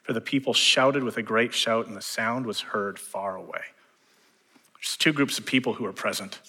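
A man preaching a sermon as pastor, building to fervent emphasis and dropping to hushed lines. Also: lowish voice, moderate pace, husky, big-room sound.

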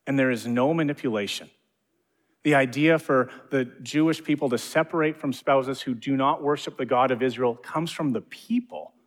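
Preaching man in a reverberant hall. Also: mid-range voice. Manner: dynamic, swinging from soft hushed lines to loud climaxes. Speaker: pastor. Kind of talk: sermon. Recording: long reverb of a large hall.

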